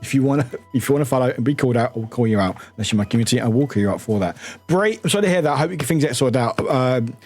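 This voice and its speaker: A man's voice: mid-range voice, animated, very fast, hardly any pauses, darkish tone, faint music behind. A man streaming live, chatting casually and greeting viewers in a chaotic, giggly, self-mocking way, swearing casually.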